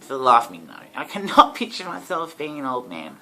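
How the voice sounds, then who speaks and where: Low-voiced Australian woman vlogging candidly. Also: sing-song, fairly quick, pushed and bright, a little hiss or hum, poor audio. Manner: candid and chatty, laughs easily. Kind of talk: casual personal vlog. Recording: clear background music. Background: music.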